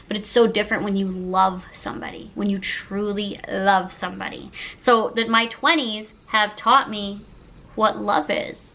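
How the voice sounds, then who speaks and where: A woman's voice: medium pitch, measured pace, bright, forceful tone, rough recording. A woman of about thirty talking casually to the camera, emotional and gushing, with many fillers like "like". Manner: emotional, gushing, heavy use of "like". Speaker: YouTuber. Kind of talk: casual sit-down chat.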